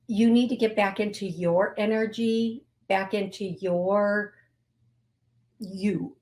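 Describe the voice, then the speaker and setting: A woman hosting a psychic medium show, giving a reading and then leading listeners through a slow guided energy clearing with soothing, affirming repetition. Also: fairly low pitch. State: briefly tearful.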